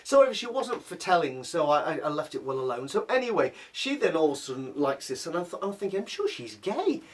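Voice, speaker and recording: A man's voice: fairly high pitch, very animated, quick pace. A middle-aged man telling a personal story in a casual, chatty way, with asides and restarts, recorded on a distant mic. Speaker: vlogger.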